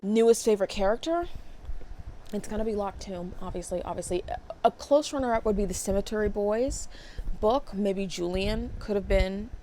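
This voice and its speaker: A young woman vlogging about books in a casual, expressive way, with sarcastic asides and casual swearing. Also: medium pitch, moderate pace, over loud music. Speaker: book vlogger. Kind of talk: casual chat.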